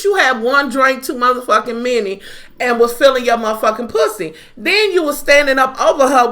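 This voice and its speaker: A woman's voice: fairly high pitch, sharp tone. A woman giving a blunt, profane, sassy recap of a reality TV episode. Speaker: TV recap vlogger. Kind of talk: casual reality-TV review.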